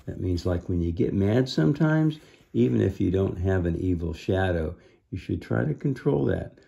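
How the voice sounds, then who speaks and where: A man reading a children's book aloud, adding gentle asides to explain the lesson. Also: low-pitched, expressive, moderate pace, vocal fry. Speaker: reader.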